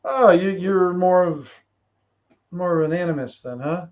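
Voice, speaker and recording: A man voicing a gruff, plain-spoken grown man who sizes up travelers, in a tabletop game. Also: high voice, a little slow, darkish tone, lo-fi sound, pitched above the performer's own voice.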